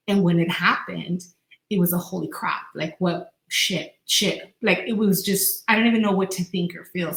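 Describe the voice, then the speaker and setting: Animated woman telling stories in an echoey room. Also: on the low side. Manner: animated storyteller who acts out quoted voices. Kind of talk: casual spiritual podcast chat.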